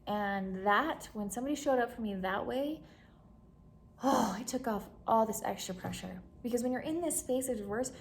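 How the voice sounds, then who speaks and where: A woman hosts an advice podcast in an earnest, encouraging voice at an ordinary middle pitch. She talks straight to the listener. A clear, steady background noise runs under the recording. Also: poor audio. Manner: warm, earnest and encouraging, acts out quoted remarks. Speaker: podcast host giving advice. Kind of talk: earnest advice talk to camera.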